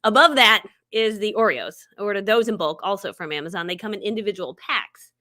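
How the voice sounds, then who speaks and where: This middle-aged woman talks fairly quickly in a medium-pitched voice that sounds pushed and bright. On her live stream she tells casual stories, laughs a lot, and acts out people's words.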